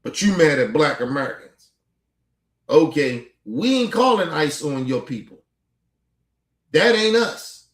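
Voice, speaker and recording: A man's voice: on the high side, lively intonation, unhurried, long pauses. Exasperated man ranting in an echoey room. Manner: profane, exasperated rant. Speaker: streamer and commentator. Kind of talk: casual reaction commentary.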